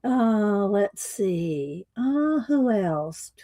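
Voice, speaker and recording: Woman livestream host, slow chatty delivery, slightly croaky, dry close mic. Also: mid-range voice, very animated, mellow, dry recording. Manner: slow, chatty, laughs often, Southern "y'all". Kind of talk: casual livestream chat greeting viewers.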